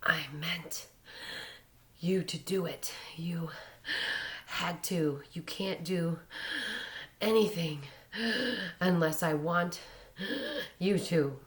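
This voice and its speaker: A woman voicing a young boy who gleefully taunts his friends in a loud, sing-song, mocking way. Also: fairly low pitch, fairly even intonation, drawn-out words, long pauses. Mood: weak gasping.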